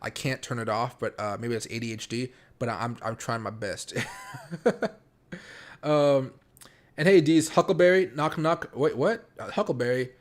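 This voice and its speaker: A man hosting a casual late-night crypto live stream from home, talking fast and rambling with lots of fillers and restarts. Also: mid-range voice. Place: home room.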